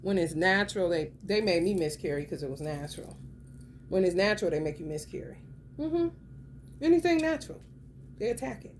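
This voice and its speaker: A low-pitched woman talks through a spiritual reading in a blunt, profane, streetwise way. She draws some phrases out slowly and fires off others fast. A clear hum of background noise sits under her voice. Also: animated. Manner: emphatic, swings between drawn-out and rapid phrases. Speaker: spiritual reader. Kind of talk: casual spiritual commentary.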